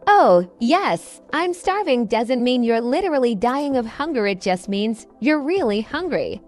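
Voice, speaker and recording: A woman's voice: a little high, big pitch swings, unhurried, soft background music. A woman co-hosting a scripted English lesson podcast, upbeat and explaining phrases with examples. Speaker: co-host and English teacher.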